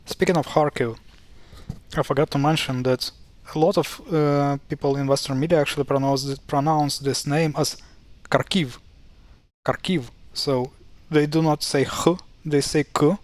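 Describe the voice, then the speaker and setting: A chatty man explains pronunciation in a casual screen-share, sounding exasperated at mispronunciations and full of fillers and restarts. His voice sits a little high, with a steady, darkish tone and a moderate pace, in a dry recording.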